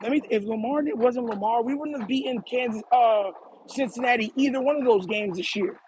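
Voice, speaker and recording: A young man chatting on a live stream, animated and repetitive, calling people "bro" as he talks to his chat while running errands. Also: very high voice, a little fast, background noise. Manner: animated, repeats himself, says "bro" a lot.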